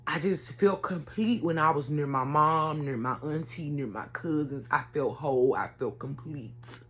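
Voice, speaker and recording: Low-voiced woman telling her story. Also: unhurried, a bit bright. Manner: earnest, conversational, addresses viewers as y'all. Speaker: vlogger sharing a personal testimony. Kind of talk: emotional personal storytelling to viewers.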